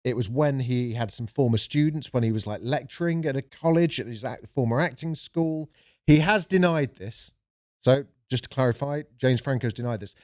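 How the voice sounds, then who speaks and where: A man's voice: mid-range voice, normal speed, darkish tone, no room sound. A man co-hosting a podcast in casual comedic chat, dry and sardonic, swearing freely. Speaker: podcast co-host.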